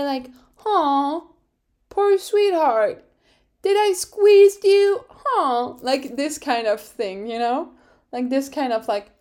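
Slow-talking laughing woman podcaster. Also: a little high. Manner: animated, laughing often, swearing freely. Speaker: podcast host. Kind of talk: casual solo recap chat.

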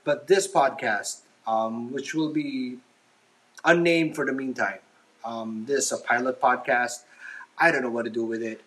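A man's voice: mid-range voice, unhurried, a bit bright, low-quality recording. A man hosting a casual solo podcast from his kitchen while he washes dishes, talking hesitantly and self-consciously with many ums and restarts. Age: adult father. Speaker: podcast host. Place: home kitchen, washing dishes.

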